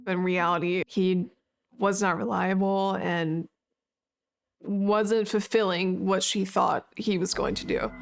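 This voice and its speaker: Gravelly-voiced woman recalling a roommate. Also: mid-range voice, little pitch movement, takes it slowly. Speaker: interviewee, victim's roommate. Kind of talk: interview testimony.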